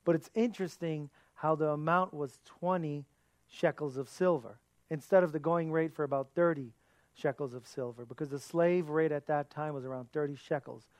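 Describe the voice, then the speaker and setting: A man's voice: fairly high pitch, moderate pace, darkish tone, dry recording. A man giving a sermon as a pastor, earnest, asking his listeners rhetorical questions.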